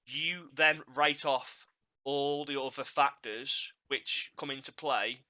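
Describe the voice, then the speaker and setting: A man's voice: medium pitch, fairly even intonation, slow, sharp tone. A man hosting a podcast, chatting casually and animatedly, laughing at his own mishaps and repeating words as he goes. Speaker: podcast host.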